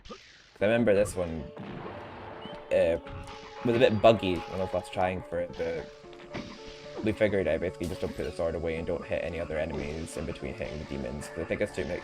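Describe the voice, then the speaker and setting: A man's voice: low-pitched, brisk, pauses often. A man streaming casual gameplay commentary, chatty, laughing often and swearing. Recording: game music underneath.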